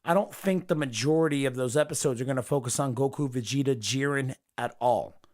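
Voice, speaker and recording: A man hosting a casual late-night podcast, swearing a lot and swinging from low mumbles into shouted rants. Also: brisk. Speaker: podcast host.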